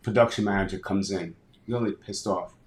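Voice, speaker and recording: A man's voice: on the low side, brisk, a little hiss or hum. A man in his sixties, a guest on a podcast interview, talking with energy and acting out dialogue in his stories. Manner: energetic storyteller who acts out dialogue. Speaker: guest, business advisor and speaker. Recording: roomy echo.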